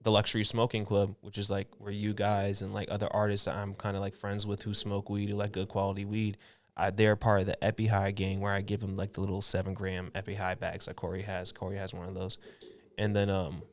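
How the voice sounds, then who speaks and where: A man's voice: fairly low pitch, completely flat delivery, brisk. A man in his twenties chatting casually as a podcast guest, laid-back and rambling with lots of fillers. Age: 20s. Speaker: podcast guest, clothing designer. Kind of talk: casual chat.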